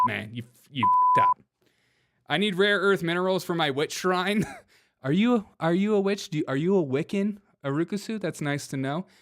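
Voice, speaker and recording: A man hosting a livestream of comedic political commentary, brash and sarcastic, laughing often and talking to his chat. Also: on the high side. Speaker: livestream host.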